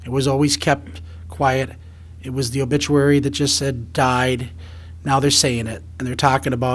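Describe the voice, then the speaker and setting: A man offering measured, reflective remarks at a public meeting. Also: mid-range voice, flat delivery, a little hiss or hum.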